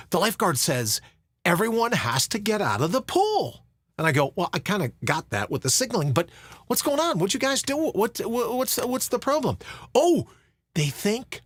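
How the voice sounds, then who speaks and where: A man's voice: a little high, a bit bright, dry recording. A middle-aged man hosting a podcast, telling a long funny story and acting out other people's lines. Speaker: podcast host. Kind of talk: storytelling monologue.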